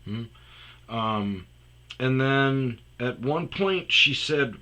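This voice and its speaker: A man rambles through a comedic story about a phone call, restarting often and slipping into muttered whispers. His mid-range voice is animated and sharp, and he speaks very slowly.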